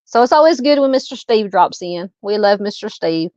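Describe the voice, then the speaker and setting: Southern woman, true crime streamer, relaxed filler-heavy chat, dull lo-fi sound. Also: medium pitch, moderate pace, dry recording. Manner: relaxed and chatty, frequent ums and uhs. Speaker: true crime livestream host. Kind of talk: casual livestream chat reading viewer comments. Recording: dull lo-fi dry home mic.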